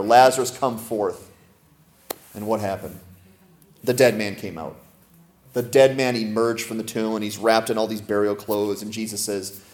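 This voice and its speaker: Speaking in a fairly low voice, this male pastor gives a sermon in a conversational way. He asks the congregation questions and trades jokes and laughter, then eases into a slower, softer tone to read scripture.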